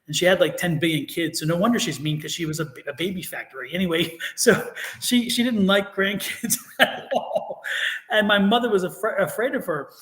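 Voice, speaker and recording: High-voiced man, animated storyteller. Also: fast, roomy sound. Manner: animated storyteller, laughs often. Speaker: tarot reader co-host. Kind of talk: casual live-stream chat.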